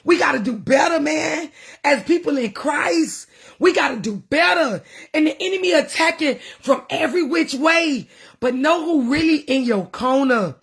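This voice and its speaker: A woman's voice: sits high, lively intonation, normal speed, vocal fry. A woman minister talking casually to her followers, passionate and preachy, emotional at times. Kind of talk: casual livestream talk.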